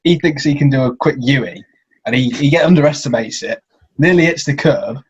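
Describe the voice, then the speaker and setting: A young man from England chats on a podcast, easygoing and halting as he works through his story. His voice is a little husky, and the recording sounds dull. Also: mid-range voice. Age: young adult. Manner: laid-back, hesitant storyteller. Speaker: podcast co-host. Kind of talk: casual chat.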